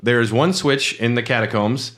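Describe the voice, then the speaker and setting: A man's voice: mid-range voice, normal speed, fairly bright tone. A man co-hosting a casual podcast, explaining game details at length with many "uh"s and "like"s. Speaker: podcast co-host. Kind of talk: casual chat about a video game.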